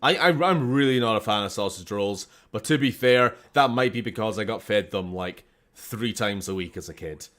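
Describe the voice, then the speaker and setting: A man's voice: on the low side, normal speed, fairly bright tone. A Scottish man chatting casually and playfully while streaming a game, swearing freely and cracking jokes.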